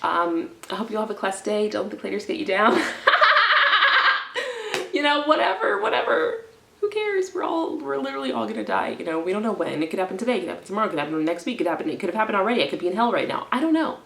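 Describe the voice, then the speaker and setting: Young woman, stressed and low, rambling vlog rant, voice bouncing off the room walls, mid-height voice. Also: sing-song, very fast, gravelly, few pauses, slight background noise. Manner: swings from mumbling to loud indignant outbursts; swaps playful made-up words into her speech. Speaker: vlogger. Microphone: camera in front of her. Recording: echoey room.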